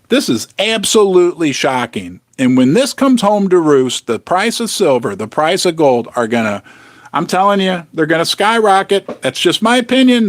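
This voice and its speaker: Guy doing a live stream from his basement, lively up and down voice, kinda high, dry close sound, chatty and teasing. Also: no echo. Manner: animated, chatty, teasing, drops to whispers for effect. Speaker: host of a precious-metals live stream. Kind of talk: casual live-stream commentary. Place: home basement studio.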